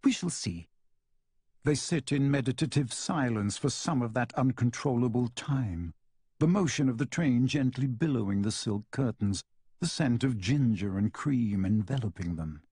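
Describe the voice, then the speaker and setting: A man reading a novel aloud in a calm, measured narration. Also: mid-range voice, slightly rough, no room sound, studio quality. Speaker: audiobook narrator. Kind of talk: scripted narration.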